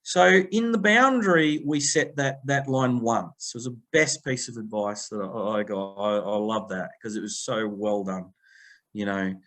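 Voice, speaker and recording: A middle-aged Australian man with a fairly low voice talks a little slowly as a guest in a conversational podcast interview. A people-pleasing coach, he tells stories energetically and acts out the other voices, including quotes from phone calls.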